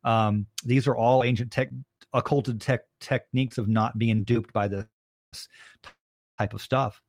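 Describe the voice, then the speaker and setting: A man's voice: mid-range voice, steady tone, a little slow, darkish tone, no room sound. Rambling man telling stories, dry sound. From Arizona, US. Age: 30s. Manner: rambling, acts out quoted voices. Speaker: podcast guest. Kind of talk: casual storytelling conversation.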